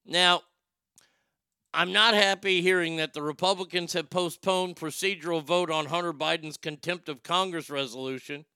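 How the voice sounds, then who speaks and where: A man with a high, gravelly voice that still comes through crisp and clean. He riffs on the news in a sarcastic, rambling way, swearing freely as he goes. The sound is close and dry, with no room around it. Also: sharp tone, dry recording. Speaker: show host. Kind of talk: profane comedic news commentary.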